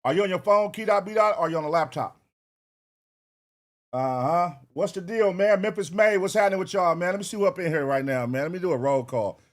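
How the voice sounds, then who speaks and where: A man hosting a casual livestream, talking loose and slangy and half-singing shout-outs to viewers. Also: sits high, a little fast. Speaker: livestream reaction host. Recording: hip hop music playing behind.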